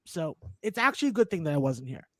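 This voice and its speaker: A man's voice: a little high, big pitch swings, fast, dry recording. A man appearing as a guest handicapper on a live betting show, talking brashly with lots of swearing. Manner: brash, profane trash talk. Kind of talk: live sports betting chat.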